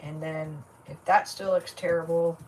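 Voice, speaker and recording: A woman's voice: sits low, fairly even intonation, unhurried, a little mellow, recorded from a distance. A woman chatting casually and thinking aloud while she works on a craft project on a livestream. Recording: voice set back from the mic, faint noise.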